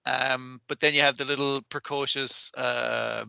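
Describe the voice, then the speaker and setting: Male podcast co-host, sharp bright voice, dry close mic, swears freely while acting out scenes. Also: medium pitch, measured pace, vocal fry, clean tone, no echo. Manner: profane, animated, acts out characters' lines. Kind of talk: casual anime podcast chat.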